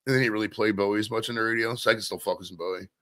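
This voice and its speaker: Very fast and sharp-toned, this Maine man speaks on the low side with a steady delivery while hosting his stream. It's casual solo chatter, rambling and full of cursing.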